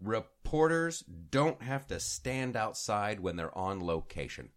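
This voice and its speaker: A man's voice: lowish voice, big pitch swings, slow pace. A man hosting a casual political talk show, joking and acting out quoted people with bursts of laughter. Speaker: podcast host.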